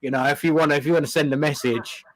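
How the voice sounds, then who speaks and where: A man's voice: fairly high pitch, fairly even intonation, very fast, a crowd in the background, low-quality recording. A man co-hosting a casual football comedy podcast, teasing his friends in a dry, joking way. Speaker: podcast co-host.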